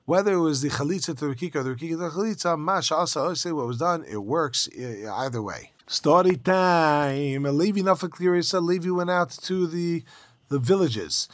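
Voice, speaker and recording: A man teaching a Talmud lesson, reading the text aloud and translating it in a quick, informal, lively way. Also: fairly high pitch, dry recording. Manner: quick, informal, lively explaining with yeshiva slang.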